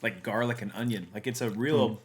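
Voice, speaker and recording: A young man co-hosting a snack-tasting podcast, talking in an animated, playful way and quick to joke. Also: fairly low pitch, a little hiss or hum. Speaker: podcast co-host. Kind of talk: casual snack-tasting chat.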